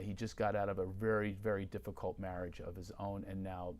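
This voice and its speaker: Animated storytelling comedian, a man. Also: low voice, fairly quick. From Philadelphia. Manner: animated storytelling, laughing often. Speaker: comedian, guest. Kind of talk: casual interview chat.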